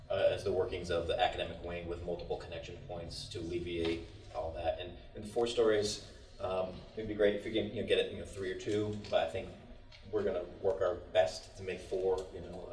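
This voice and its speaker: A man's voice: sits low, darkish tone. A man presenting building plans at a meeting, reassuring and full of "you know"s. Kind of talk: meeting discussion. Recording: echoey room, far from mic.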